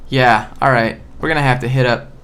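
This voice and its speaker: A man's voice: medium pitch, fairly even intonation, brisk, a bit bright, clear, resonant tone. A man on a casual live stream who reads job listings aloud and riffs on them in a blunt, joking way. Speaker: streamer reviewing job postings.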